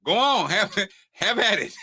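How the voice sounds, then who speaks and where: Bright, high-voiced man hosting a chat. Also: measured pace, slightly rough, no room sound. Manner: laughs through his points, animated storytelling. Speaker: podcast host. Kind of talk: casual chat.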